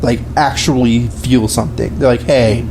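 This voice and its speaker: Speaking at a normal pace in a mid-range voice against a noisy background, a man co-hosts a podcast. His relaxed film talk meanders, full of fillers and false starts.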